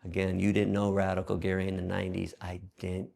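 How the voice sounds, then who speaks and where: Guest, man, 50s, low gravelly voice, lively swearing storyteller. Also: brisk. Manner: animated, profane storytelling with acted quotes. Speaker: interview guest. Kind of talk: storytelling in a conversational interview.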